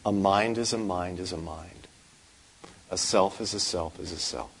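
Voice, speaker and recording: A male monk giving a dharma talk in a low, husky voice. He paces his words slowly and deliberately, with dry, wry humor. His voice stays slightly breathy throughout. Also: poor audio. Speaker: Buddhist monk teacher.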